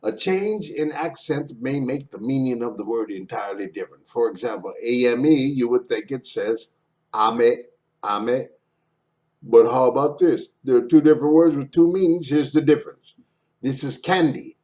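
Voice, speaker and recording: A man runs a casual online introductory Japanese lesson in a playful style, repeating words aloud for his students. His voice is mid-range, a little mellow, and at normal speed.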